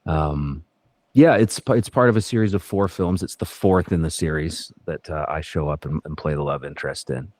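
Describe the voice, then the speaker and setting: A man's voice: a bass voice, normal speed, a little mellow, no echo. A man, an actor appearing as a podcast guest, talking in a reflective, rambling way with many fillers and restarts. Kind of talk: casual podcast interview.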